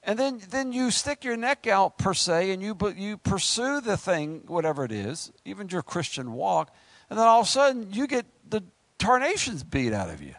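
Joking and conversational, a man preaches a sermon, quickly acting out asides before lifting into excited, high-pitched preaching. There's no audible room sound.

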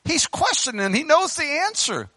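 A man preaching a sermon in church into a microphone, fervent, swinging from loud bursts to hushed pleading. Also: very high-pitched, very animated, moderate pace, no echo. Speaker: pastor. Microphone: handheld microphone.

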